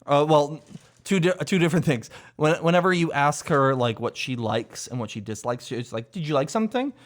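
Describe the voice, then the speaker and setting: A woman's voice: rumbling low, steady tone, normal speed. A woman hosting a casual live-stream chat, rambling and playful, swearing casually. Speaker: host.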